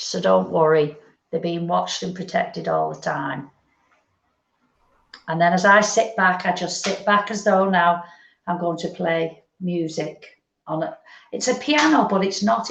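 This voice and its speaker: A woman working as a medium, gently relaying messages in a meandering way during a live spiritual reading. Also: fairly low pitch, unhurried, vocal fry. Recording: roomy, dull lo-fi sound.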